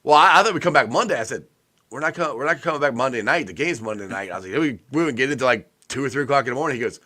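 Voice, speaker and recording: Talking rapid-fire in a mid-range voice, this sports podcast co-host spins stories full of laughter, acting out the quotes as he goes in a casual, animated way.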